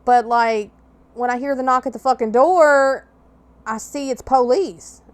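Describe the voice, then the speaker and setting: A woman's voice: high-pitched, unhurried. A woman hosting a podcast, telling a personal story in a blunt, candid way with plenty of swearing. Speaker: podcast host.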